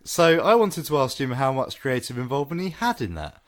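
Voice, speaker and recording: A man co-hosting a podcast in casual chat, animated and joking, laughing often. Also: medium pitch, fairly quick. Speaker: podcast co-host.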